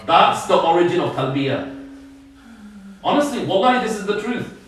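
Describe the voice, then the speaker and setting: A man's voice: high voice, lively intonation, normal speed, fairly bright tone, soft background music. A man giving an earnest Friday sermon, often repeating words as he gathers his thoughts. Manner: earnest, repeats words while searching for them. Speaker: preacher giving a Friday talk. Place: prayer hall. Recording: very echoey room, mic far off.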